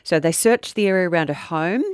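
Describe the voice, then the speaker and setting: A woman's voice: on the low side, expressive, a little fast, clear, resonant tone, dry recording, studio quality. A middle-aged woman co-hosting a casual true-crime podcast, telling the story in a chatty, self-deprecating way. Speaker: podcast co-host.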